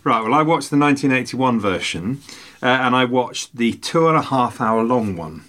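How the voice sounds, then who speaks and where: This podcast co-host is a man with a medium-pitched, fairly bright voice and lively intonation, talking at a moderate pace. He chats casually, rambling through jokey, self-mocking anecdotes.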